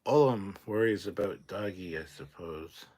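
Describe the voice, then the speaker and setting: A man's voice: measured pace, a little mellow. A sleep-deprived man hosting a casual late-night livestream, reading out chat and rambling in a tired, mumbling way. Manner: tired, rambling, drops to low mutters.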